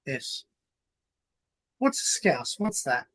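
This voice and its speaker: A man's voice: medium pitch, very animated, slow, a bit bright. An Australian man hosting a casual trivia session over a video call, chatty and joking in an easygoing way. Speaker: host of a trivia livestream. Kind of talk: casual chat, quiz hosting.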